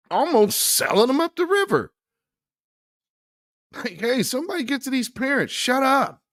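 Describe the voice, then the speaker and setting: A man's voice: high voice, no echo, studio quality. A man hosting a casual news commentary show, reading quotes aloud and reacting with disbelief. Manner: animated, incredulous, reads quotes then reacts.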